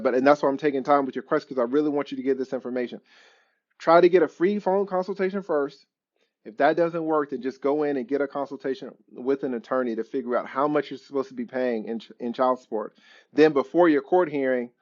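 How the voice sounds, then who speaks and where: A man's voice: mid-range voice, darkish tone, highs cut off. A man who is an attorney, hosting a live stream Q&A and answering viewers in an emphatic, repetitive, preachy way.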